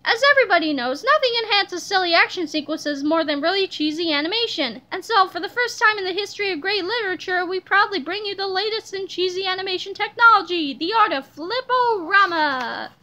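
A woman reading a children's book aloud in an animated, playful way. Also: very high voice, fast, few pauses. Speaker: reader.

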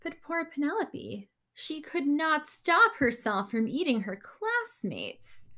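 A woman reading a picture book aloud to children, with expressive, chatty asides to her young listeners. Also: high voice, takes it slowly, hardly any pauses. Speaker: story time reader.

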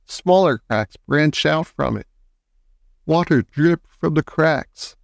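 Male reader, children's book narration, slow and expressive, dry close sound. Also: fairly high pitch, creaky, dry recording. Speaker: audiobook reader. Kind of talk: children's book read aloud.

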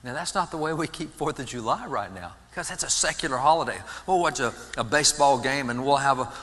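A man giving an animated sermon-style history talk in a church, often restarting his words. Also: medium pitch, a little fast. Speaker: guest speaker on history. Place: large church sanctuary. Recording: long church reverb.

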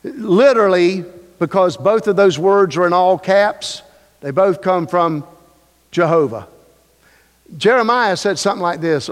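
A man's voice: high-pitched, a little slow, pauses often. A male pastor preaching a sermon, emphatic and repetitive, with joking asides. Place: church sanctuary. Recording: long reverb of a church hall.

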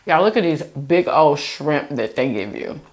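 Animated woman chatting while eating. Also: low voice, a little slow. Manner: chatty, animated, says "y'all" a lot, chewing sounds. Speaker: mukbang vlogger. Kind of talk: casual eat-with-me chat.

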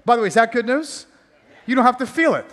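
A male pastor delivers a sermon in a fairly high voice, hammering points through repetition and breaking in with jokey asides. His voice rings out with a long reverb trailing through the church hall. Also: animated, quick pace, a bit bright.

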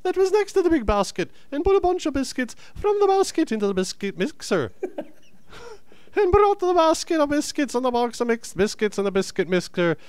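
A man putting on an exaggerated Irish accent, rattling off a long tongue twister at a high, breathless clip. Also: big pitch swings, a little fast, a little mellow, dry recording. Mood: gleeful. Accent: put-on Irish.

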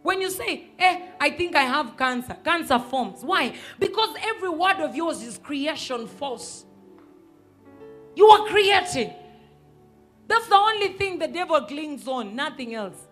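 A woman pastor, preaching a sermon emphatically and sometimes rising to a shout. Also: high-pitched, sing-song, unhurried, soft background music. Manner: emphatic, rises to shouts and acts out quoted voices.

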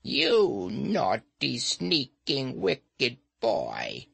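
A man voicing a gleeful, spiteful old witch woman who screeches in high, leaping tones. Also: sing-song, slow, gravelly, fairly bright tone, dry recording, heavily acted. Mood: furious. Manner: shrill and screeching, high jumps.

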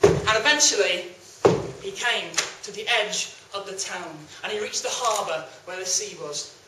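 A young man storyteller telling a folk tale to a live audience in a lively, animated way. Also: sits high, moderate pace, very noisy. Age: young adult. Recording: echoey hall from a distance.

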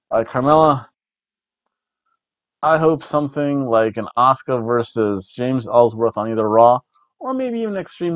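A man hosts a casual review chat, rambling along and often restarting his sentences. His voice sits at an ordinary middle pitch. The recording is dry and a little dull. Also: dry recording. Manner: rambling, repeats words, food-rating jokes. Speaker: podcast co-host reviewing wrestling.

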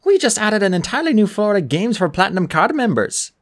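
An audiobook reader voicing a smooth, sweetly persuasive adult male casino bellhop in a storybook reading. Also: mid-range voice, big pitch swings, fairly quick, pitched above the performer's own voice, close to an everyday voice. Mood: coaxing.

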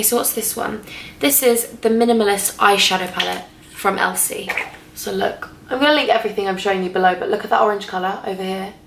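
Excitable twenties girl vlogging from a hotel room, chatty and gushy, kinda echoey. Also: mid-range voice, vocal fry, a little hiss or hum. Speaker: beauty vlogger. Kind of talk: casual vlog chat.

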